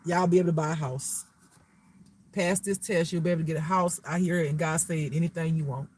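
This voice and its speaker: Man with a high voice, casual spiritual reader, preachy and repetitive, swears freely. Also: fairly even intonation, a little fast, slight background noise. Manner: preachy, profane, repeats phrases.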